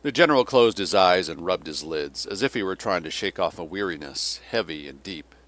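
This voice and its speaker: A man's voice: deep voice, lively intonation, fairly quick, a bit bright. Man reading an audiobook. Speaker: audiobook narrator. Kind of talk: audiobook narration.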